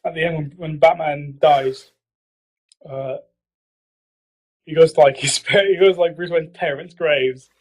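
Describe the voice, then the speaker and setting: Husky-voiced guy on a podcast, kinda high, giggly, rambles and swears a lot. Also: steady tone, measured pace, pauses often. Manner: giggly, rambling, swearing, does mock impressions. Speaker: podcast host. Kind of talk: casual podcast chat. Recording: low-quality audio.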